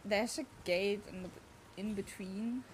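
A woman's voice: mid-range voice, fairly even intonation, a little slow, slight background noise. A young woman, chatting and exclaiming as she streams a game. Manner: chatty, exclaiming, talks to chat. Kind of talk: casual gameplay commentary.

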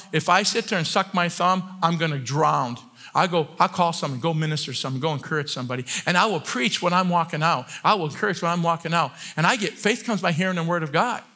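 A man, a church elder, preaching a sermon with passion, moving from quiet talk to shouting and often restarting his sentences. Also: high-pitched. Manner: many restarts and repeated words.

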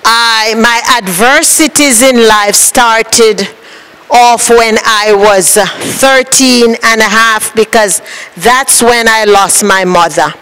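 A woman with a Jamaican accent giving a speech as guest speaker, measured and deliberate. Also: a little high, fairly bright tone, clear, resonant tone, poor audio. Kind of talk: public speech.

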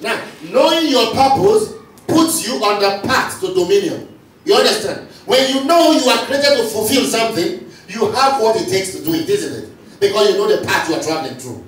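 A man's voice: sits high, lively intonation, moderate pace, a bit bright. A male pastor preaching a sermon, calling out lines and repeating them for the congregation to answer. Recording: echoey hall from far off, faint noise.

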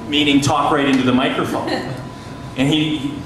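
A middle-aged radio journalist telling anecdotes on a panel, chatty, laughing often and restarting his sentences. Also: on the high side. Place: panel discussion in a large echoey room. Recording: echoey hall from far off, noisy.

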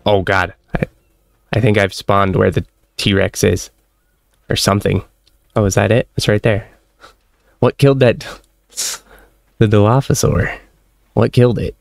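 Gravelly low-voiced man gaming. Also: unhurried, pauses often, dry recording. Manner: excitable, laughing, chatting to his in-game pet. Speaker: gaming channel host. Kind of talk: let's-play commentary.

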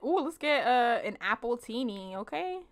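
A young woman casually commenting on her life-sim game for viewers, animated, laughing and slangy. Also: a little high, normal speed, a crowd in the background. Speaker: let's play host.

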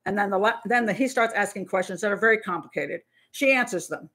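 A middle-aged woman and criminal profiler hosting a live Q&A stream, talking in a blunt, animated way with many restarts. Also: medium pitch, fast talker, breathy edge. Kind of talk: casual live-stream talk.

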